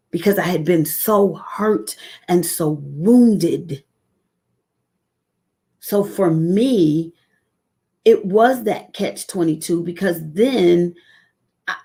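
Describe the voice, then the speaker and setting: Woman, low-pitched with a gravelly edge, earnest testimony-style devotional on a live stream. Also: a little mellow. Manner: earnest, personal, drawn-out emphatic phrases; emotional, close to tears. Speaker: devotional speaker.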